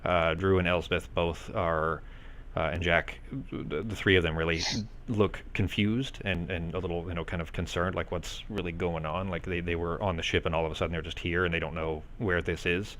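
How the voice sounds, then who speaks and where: A man's voice: deep voice, level tone, normal speed, fairly bright tone, a little hiss or hum. A man narrating as game master in a loose, hesitant way with many fillers.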